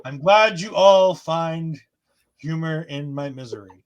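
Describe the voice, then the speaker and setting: A high-pitched man co-hosting a relaxed chat show. He runs through the evening's events with dry sarcasm and fake outrage. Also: a little slow. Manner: sarcastic, mock-outraged asides. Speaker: wrestling podcast co-host. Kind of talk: casual chat.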